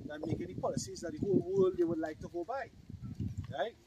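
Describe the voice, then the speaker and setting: Loud Trinidadian man preaching on a street. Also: extremely high pitch, big pitch swings, gravelly, highs cut off. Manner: reads scripture slowly and loudly, then explains in casual speech. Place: city street outdoors. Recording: distant mic, loud street noise.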